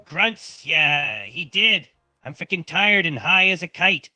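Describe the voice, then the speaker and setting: Brief: man as a bright-voiced AI co-host, folksy, reads stage directions aloud. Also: fairly high pitch, big pitch swings, takes it slowly, no room sound, soft background music. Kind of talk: casual commentary.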